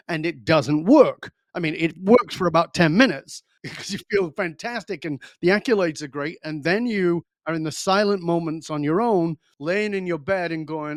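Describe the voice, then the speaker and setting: In a dry, clean studio recording, a middle-aged man with a fairly high-pitched voice coaches leaders and tells blunt stories in an interview. He's emphatic and acts out both sides of each exchange.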